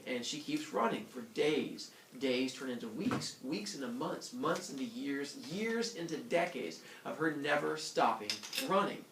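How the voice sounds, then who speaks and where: A man tells an old myth to a small group, goofing around with big pitch swings. He sounds roomy and a bit distant, with faint noise behind him. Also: a little slow, few pauses. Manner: goofy, lively, with laughs and sound effects. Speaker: storyteller. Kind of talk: comic myth retelling to a live group. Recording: echoey room from a distant mic, faint noise.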